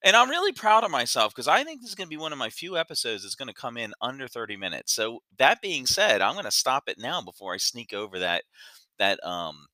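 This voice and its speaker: A man's voice: medium pitch, very animated, brisk, bright, forceful tone, no room sound. A man hosting his own podcast, rambling casually and stumbling over his words with self-deprecating asides. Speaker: podcast host. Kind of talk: casual solo podcast monologue.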